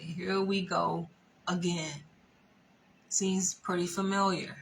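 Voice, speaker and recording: A young adult woman vlogger telling a dating story in a casual, animated monologue full of profanity. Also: medium pitch, a little hiss or hum, low-quality recording.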